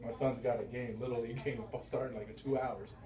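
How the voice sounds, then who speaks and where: Man, middle-aged, sales manager, lively storytelling, laughing, roomy sound. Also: medium pitch, a little fast. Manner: animated storytelling, acting out quotes; loose, profane, laughing often. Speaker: sales manager and business owner. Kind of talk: motivational team meeting talk. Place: meeting room. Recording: roomy, from far off the mic.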